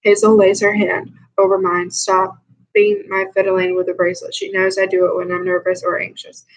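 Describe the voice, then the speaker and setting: A young woman reading a first-person novel aloud, plain and unhurried, with small slips and restarts. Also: medium pitch, monotone, rough recording. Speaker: audiobook reader.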